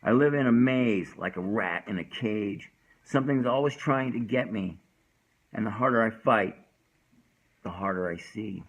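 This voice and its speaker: A man reading his own dark poem in a low, heavy, brooding voice. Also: normal speed, rough recording.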